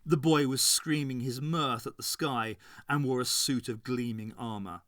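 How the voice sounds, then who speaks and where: A man reading a novel aloud as an unabridged audiobook, in a measured narrating voice. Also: medium pitch, steady tone, a bit bright, no echo, clean studio sound. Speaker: audiobook reader. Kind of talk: scripted narration.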